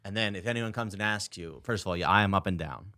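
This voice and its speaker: A man's voice: low-pitched, fast, sharp tone, no echo, clean studio sound. A young man co-hosting a podcast, laying out his plans in a laid-back, step-by-step way. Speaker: podcast co-host. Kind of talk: casual podcast banter.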